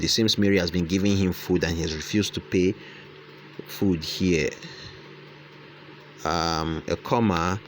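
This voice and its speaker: A man's voice: low-pitched, normal speed, vocal fry, slight background noise. A man hosting a casual screen-recorded tutorial, thinking aloud and repeating his phrases as he dictates lines and punctuation. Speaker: tutorial host.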